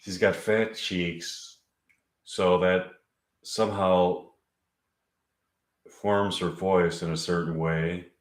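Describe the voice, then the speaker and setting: A man reading his own comedy script aloud at home, halting and thinking aloud between lines. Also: deep voice, steady tone. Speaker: amateur writer performing his own script. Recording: echoey room.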